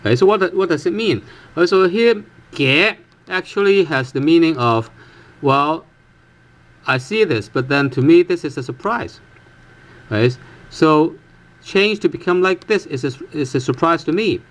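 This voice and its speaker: A man teaching a casual online language lesson, explaining slowly and patiently with many fillers and repeated example words. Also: on the high side, lively intonation.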